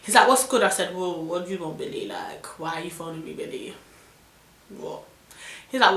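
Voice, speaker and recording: Animated young London woman, bright tone. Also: on the low side, normal speed, roomy sound. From London, England. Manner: animated, indignant storytelling with London slang. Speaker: vlogger. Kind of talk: storytime vlog.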